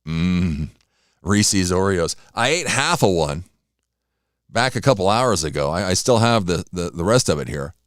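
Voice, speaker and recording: Low-voiced and a bit bright, this animated morning radio host talks at normal speed in a casual solo ramble, hopping from sports scores to snacks and eating as he goes. It's clean studio audio with no room sound.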